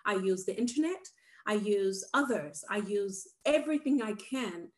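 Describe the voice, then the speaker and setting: A woman's voice: mid-range voice, expressive, normal speed, slight background noise. A woman and parent speaking in an earnest personal talk on a video call, emphatic and repeating her points, often checking in with "right?".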